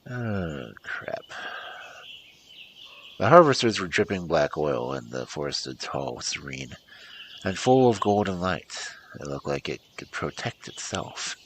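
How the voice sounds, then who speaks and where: A man's voice: deep voice, very animated, a little slow, slight background noise, poor audio. A man streaming a story game, reading the narration aloud and muttering asides to himself.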